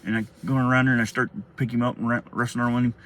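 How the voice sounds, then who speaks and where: A man's voice: medium pitch, level tone, racing, fairly bright tone. A middle-aged man, telling a childhood story in a casual, rambling way, often laughing and acting out quotes. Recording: faint background noise.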